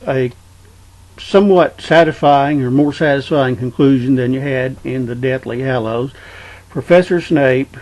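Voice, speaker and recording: A man casually discussing a book, talking in an unhurried way and reading passages aloud. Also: mid-range voice, a little mellow, rough recording. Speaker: book reviewer.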